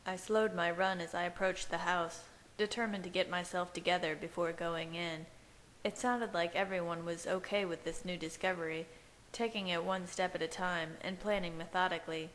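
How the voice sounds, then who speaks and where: A woman reading a fanfiction chapter aloud in steady first-person narration. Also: on the low side, normal speed, slight background noise, low-quality recording. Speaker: fanfiction reader. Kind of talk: amateur audiobook reading.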